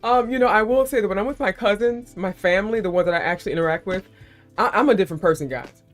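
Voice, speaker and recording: A woman with a deep, resonant voice hosting a casual live-stream chat, animated and quick to laugh. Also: faint music behind. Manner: animated, expressive, laughs easily.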